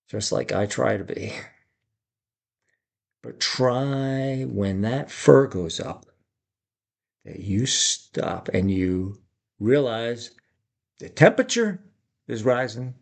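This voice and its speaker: A man's voice: lowish voice, gravelly, a little mellow. A middle-aged man giving life advice in a reflective, storytelling way, laughing often and acting out quotes. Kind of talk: reflective personal talk.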